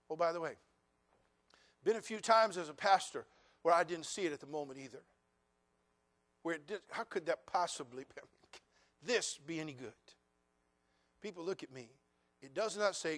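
An older man delivers a sermon in a high voice. He tells his story in hushed, quiet passages, then climbs to loud, fervent preaching. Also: normal speed, long pauses. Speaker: pastor.

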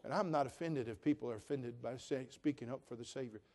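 A pastor from Cherokee preaches at a quick pace, his medium-pitched voice darkish in tone. His sermon runs on folksy stories told earnestly and plainly, with the quoted voices acted out.

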